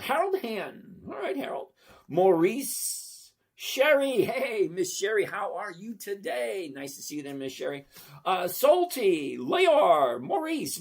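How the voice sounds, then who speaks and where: A man's voice: high voice, husky. A man in his fifties hosting a casual live stream, chatty and jokey as he greets viewers one by one and teaches investing.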